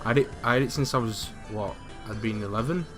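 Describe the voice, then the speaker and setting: A man's voice: lowish voice, quick pace, fairly bright tone. A young man chats his way through a retro game, rambling and restarting sentences with a self-mocking streak. He talks into a headset on a voice call, with faint game music under him. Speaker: let's play commentator. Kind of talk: casual gaming commentary.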